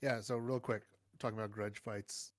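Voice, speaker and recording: A man telling a story in casual chat, in a quiet, even way. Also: fairly low pitch, moderate pace, no room sound, clean studio sound.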